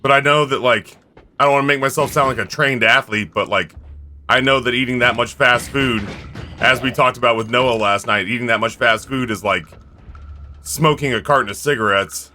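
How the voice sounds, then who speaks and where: A man's voice: medium pitch, pushed and bright, slight background noise. A man streaming live, telling stories in a rambling, candid way. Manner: rambling, candid storytelling with quick impressions. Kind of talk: casual chat.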